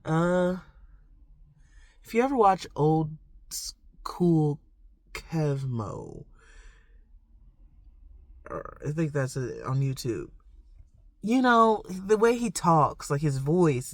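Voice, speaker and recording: A woman's voice: low voice, no echo, studio quality. A woman vlogging a rambling, reflective monologue, full of "like" and "you know". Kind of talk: confessional casual monologue to camera.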